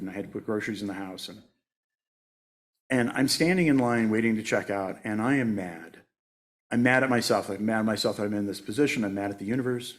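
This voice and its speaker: A man in his sixties giving a conversational sermon as a guest speaker at a church, joking at his own expense and laughing often. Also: on the low side. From United States. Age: 60s. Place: church sanctuary.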